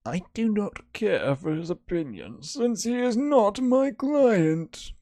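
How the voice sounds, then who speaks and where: A man voicing a mysterious woman psychic in a text game, speaking slowly and measured. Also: sits high, big pitch swings, warm tone, dry recording, voice pushed up, heavily acted. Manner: slow, measured.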